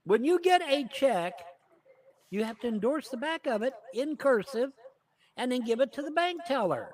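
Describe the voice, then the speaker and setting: A man's voice: extremely high pitch, big pitch swings, normal speed, a little mellow. A man hosting a show, ranting angrily and mockingly with constant swearing. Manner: angry, cursing, mocking. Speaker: host. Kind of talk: profane political rant.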